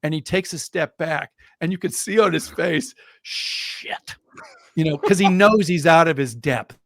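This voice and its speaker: A middle-aged man, a guest in a casual interview, telling an anecdote in an animated way and building suspense. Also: on the high side, normal speed, vocal fry, no echo, studio quality. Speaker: guest storyteller.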